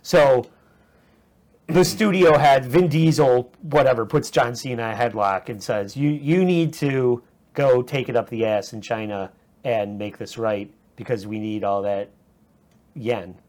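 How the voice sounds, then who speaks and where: A man's voice: mid-range voice, measured pace, darkish tone. A man co-hosting a crude comedy podcast, telling a story in a wry, rambling way. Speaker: podcast co-host.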